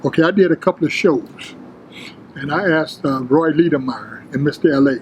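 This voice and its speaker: An older man, a former bodybuilder, telling his story in a casual interview, animated and full of street slang, acting out the quotes. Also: on the high side, moderate pace, a little hiss or hum, low-quality recording.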